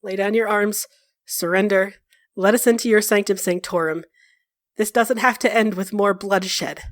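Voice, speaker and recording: A woman voicing a defiant male elf mage, blunt and forceful. The sound is dry and close. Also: medium pitch, steady tone, moderate pace, dry recording, natural voice. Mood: stern.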